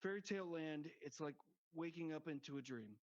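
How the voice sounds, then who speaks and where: A man rambles through a film scene in loose podcast talk, filling his sentences with "like." His voice sits fairly high, and the audio sounds a little dull and lo-fi. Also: fairly quick. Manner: rambling, laughs often, heavy use of "like". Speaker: podcast guest. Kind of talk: casual movie discussion.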